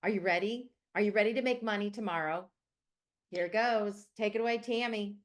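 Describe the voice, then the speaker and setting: A woman's voice: medium pitch, normal speed. A woman hosting a video call meeting, introducing the next speaker with enthusiasm. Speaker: host. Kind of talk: hosting a virtual team meeting.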